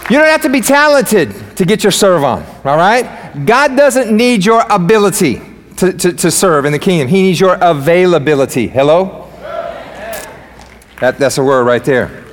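A man preaching a sermon as pastor in a church, energetic, joking and fired up. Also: sits high, normal speed, big-room sound, some chatter behind, a little hiss or hum. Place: church sanctuary.

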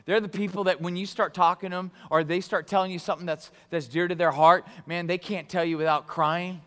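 An excitable man preaching in a church sanctuary. His voice sits high and bright, and a long hall reverb hangs after each phrase. He talks conversationally, bursting into loud enthusiasm. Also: brisk. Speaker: pastor. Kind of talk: sermon.

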